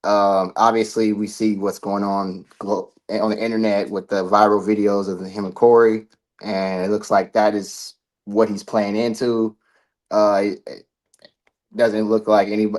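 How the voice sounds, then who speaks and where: A man on a livestream panel giving his view hesitantly, with many fillers. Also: lowish voice. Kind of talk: casual chat.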